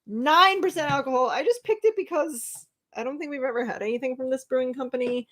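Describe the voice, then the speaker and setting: Playful high-voiced woman co-hosting a livestream. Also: fairly quick, fairly bright tone. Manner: playful, teasing, jokey. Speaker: co-host of a comics and beer livestream. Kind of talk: casual livestream chat.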